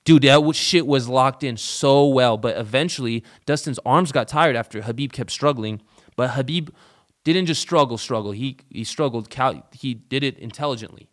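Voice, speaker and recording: A male show host gives casual sports commentary in his own voice. He is animated and profane, jumping from loud outbursts to quiet, muttered asides. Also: medium pitch, moderate pace.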